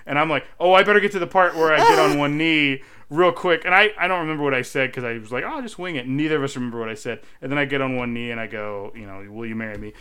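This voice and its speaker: A man in his thirties co-hosting a casual podcast, telling stories with lively acted-out quotes. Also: mid-range voice, very fast, hardly any pauses, clear, resonant tone. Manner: animated storyteller, acts out quotes. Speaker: podcast co-host. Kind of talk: casual chat.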